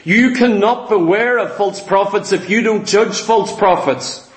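High-voiced preacher with echoing rhetorical questions. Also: male voice, measured pace. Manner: emphatic, asks and answers his own rhetorical questions. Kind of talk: sermon.

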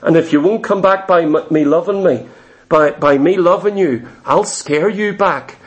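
A man voicing God in a sermon, calling a straying sinner back in a low, insistent tone. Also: normal speed, natural voice. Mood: stern.

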